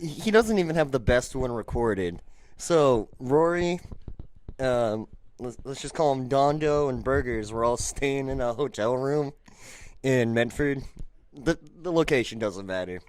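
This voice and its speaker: A man telling funny stories in casual podcast chat, animated and laughing often. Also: medium pitch, a little slow. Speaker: podcast co-host. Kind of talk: casual storytelling.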